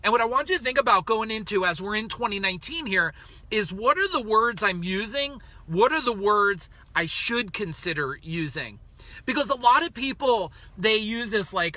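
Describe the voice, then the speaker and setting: Bright-voiced chatty man on a live stream. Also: high-pitched, animated, normal speed, no room sound. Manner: greets viewers by name, chatty and emphatic. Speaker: business coach hosting a live stream. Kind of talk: casual motivational live stream. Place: outside a grocery store waiting in a car.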